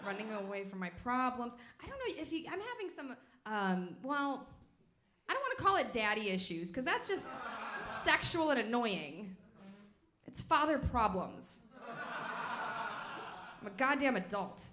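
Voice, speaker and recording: A young woman from Chicago performing a stand-up comedy set on stage, telling animated stories and acting out the people in them. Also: a little high, a little slow, pauses often, reverberant, noisy background. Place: stage before a live audience.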